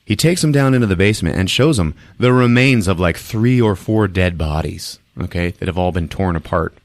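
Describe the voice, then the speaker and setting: A male podcast host giving a comedic, profane movie recap as an animated, laughing storyteller. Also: deep voice, a little fast, dry recording, clean studio sound.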